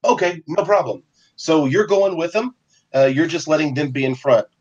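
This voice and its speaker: A man running a tabletop game, talking casually with lots of ums and uhs. His voice sits a little high for a man and comes through a muffled, lo-fi mic. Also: moderate pace. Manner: relaxed, chatty, with frequent fillers. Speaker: game master.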